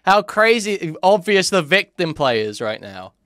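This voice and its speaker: A man's voice: high-pitched, sing-song, a little slow, a bit bright, no echo. A man doing reaction commentary in a mocking, incredulous way, swearing now and then. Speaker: commentary streamer.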